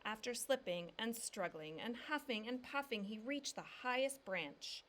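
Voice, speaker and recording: A woman teacher calmly reading a picture book aloud to young children, dropping low and soft on the "he said" tags. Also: unhurried, a little hiss or hum.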